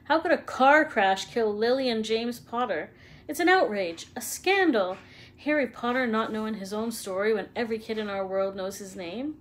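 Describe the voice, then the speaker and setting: Rough-spoken giant played by a woman, gruff, blustering, loyal, storybook reading. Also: mid-range voice, fairly even intonation, fairly quick, hardly any pauses, natural voice, rough recording. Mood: outraged.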